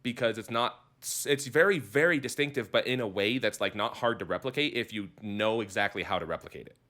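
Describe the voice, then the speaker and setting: A man co-hosting a podcast in casual chat, animated and quick to laugh, often restarting sentences. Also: lowish voice. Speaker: podcast co-host.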